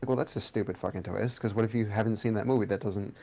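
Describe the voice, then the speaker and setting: A man's voice: lowish voice, fairly even intonation, fast talker, gravelly, mellow. A young man co-hosting a podcast in casual chat, rambling and swearing freely as he restarts his sentences. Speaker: podcast co-host.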